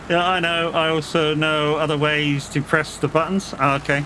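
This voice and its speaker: A man's voice: fairly high pitch, pushed and bright, slight background noise. A man with an English accent, a live streamer chatting casually and swearing while he plays a game and jokes with his chat. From England.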